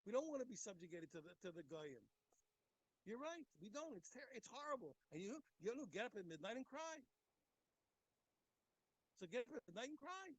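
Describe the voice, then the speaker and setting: A rabbi teaching a daily Talmud class gives an impassioned Torah lesson in a very high-pitched, very animated voice, speaking briskly and pausing often. He is emphatic, repeats words, and talks straight to his listeners. The recording is rough, with no room sound.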